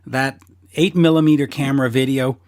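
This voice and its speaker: A man's voice: medium pitch, fairly even intonation, moderate pace, darkish tone, dry recording. A man hosting a podcast, chatting enthusiastically and bluntly, losing his voice a little. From Canada. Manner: enthusiastic, blunt, swears casually. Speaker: podcast host. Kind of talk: casual interview chat.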